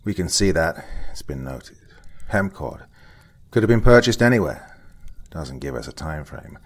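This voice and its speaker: A man playing an older, blunt forensic investigator who lectures in short, curt sentences with a husky voice. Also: a bass voice, sing-song, measured pace, full character voice. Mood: curt, lecturing. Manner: blunt, curt, lecturing, some lines whispered. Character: gruff veteran male forensic investigator, blunt.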